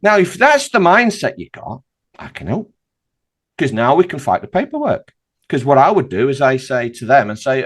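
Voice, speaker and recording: A man's voice: medium pitch, big pitch swings, moderate pace, fairly bright tone. A man talking as a podcast guest in an emphatic, insistent way, firing off rhetorical questions. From United Kingdom. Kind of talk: animated podcast conversation.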